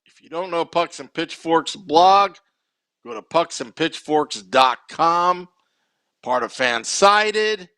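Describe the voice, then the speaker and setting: A man's voice: a little high, expressive, slow pace, sharp tone, no room sound. A man hosting a podcast alone, chatting casually and rambling with many fillers. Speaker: podcast host. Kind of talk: casual solo podcast talk.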